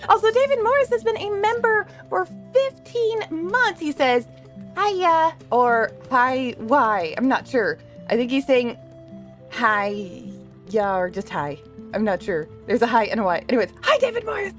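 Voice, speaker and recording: Bubbly swearing woman streamer, lively pitch. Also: normal speed, soft background music. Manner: bubbly, swears freely, laughs often; reads chat messages aloud. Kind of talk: casual live-stream chat.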